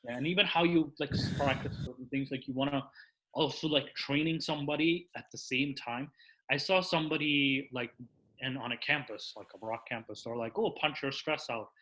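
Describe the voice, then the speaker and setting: Husky guy rambling on a podcast, bright voice, tons of fillers. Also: medium pitch, fairly quick. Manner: rambling, many fillers and restarts. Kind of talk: casual chat.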